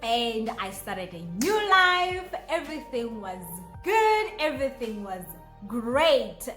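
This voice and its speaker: A young South African woman chats to camera in an unhurried, bubbly way, breaking into high, giggly exclamations. Her voice is bright and sits a little high. The room gives it a clear echo, with faint music underneath. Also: big pitch swings. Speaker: vlogger. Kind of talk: casual chat to camera.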